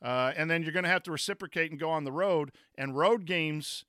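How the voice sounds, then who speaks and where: A man's voice: on the high side, a little fast, sharp tone, dry recording, studio quality. A man, a former coach co-hosting a casual sports chat, rambling with many fillers and restarts. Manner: reads chat comments aloud. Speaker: podcast co-host, former coach.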